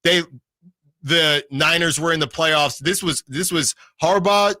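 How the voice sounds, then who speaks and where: A man's voice: on the high side, unhurried, bright, forceful tone, no room sound, studio quality. A man hosting sports radio, reading out team records in casual talk and checking himself as he goes. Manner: reads out records, self-checking.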